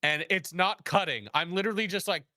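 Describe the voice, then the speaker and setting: A chef appearing as a guest tells a story in casual conversation, animated and laughing often as he acts out quoted dialogue. His voice sits high and he talks briskly, with clean studio sound and no echo.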